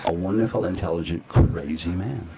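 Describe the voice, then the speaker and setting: In a festival hall buzzing with audience noise, an older male actor answers Q&A questions with meandering stories. He speaks at a moderate pace in a deep voice, acting out the quotes in his anecdotes.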